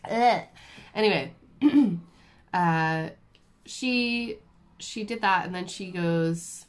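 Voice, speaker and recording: A woman vlogger telling a personal story in a casual, animated, self-deprecating way with lots of fillers. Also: medium pitch, slow pace, pauses often. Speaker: crafting vlogger.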